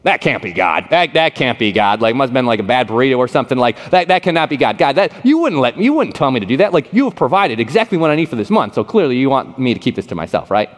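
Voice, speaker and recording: A man's voice: mid-range voice, sing-song, quick pace, hardly any pauses, close to an everyday voice. A man voicing a flustered middle-aged preacher in a story, stammering and incredulous. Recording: long reverb of a large hall.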